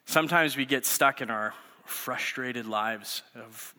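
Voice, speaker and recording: A man's voice: medium pitch, slow, bright, forceful tone. A man in his thirties, a youth pastor, giving a sermon through conversational storytelling. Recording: echoey hall reverb.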